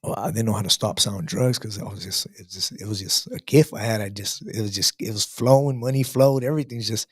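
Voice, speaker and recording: Guy in his 30s telling his testimony fast, kinda husky, slangy, restarts a lot, dry sound. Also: on the low side, dry recording. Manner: fast, emphatic, street slang, many restarts. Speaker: guest sharing testimony. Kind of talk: casual storytelling testimony.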